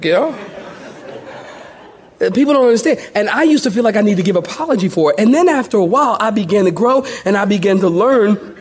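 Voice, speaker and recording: A man's voice: sits high, animated, brisk, breathy edge. A middle-aged man preaching as a pastor, telling stories with playful impressions of the people in them. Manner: storytelling with playful impressions and laughter. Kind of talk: sermon.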